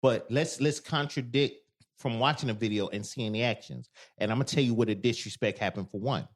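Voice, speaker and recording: A man co-hosting a podcast in casual chat, telling animated stories and loudly acting out quoted lines. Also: mid-range voice, fairly quick. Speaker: podcast co-host.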